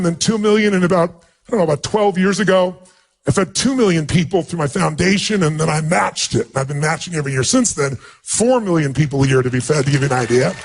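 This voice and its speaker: A man giving a motivational speech, telling a personal story in an earnest, emphatic way. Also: high-pitched. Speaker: motivational speaker.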